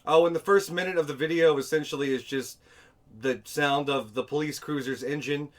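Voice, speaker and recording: A man's voice: fairly high pitch, fairly even intonation, normal speed. A man hosting a commentary video, talking in a sarcastic, exasperated way and swearing now and then. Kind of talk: casual commentary over footage.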